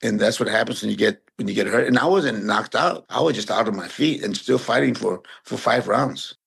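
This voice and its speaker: A man in his fifties from San Antonio, a retired boxer telling stories as a podcast guest, relaxed and animated. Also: lowish voice, a little fast, creaky, slightly rough. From San Antonio, Texas. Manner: relaxed, animated storyteller who acts out quotes. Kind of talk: casual interview storytelling.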